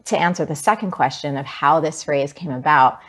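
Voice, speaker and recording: A woman in her forties from New Jersey, telling a personal story as an interview guest, animated and vivid with many "like"s. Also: low-pitched, normal speed.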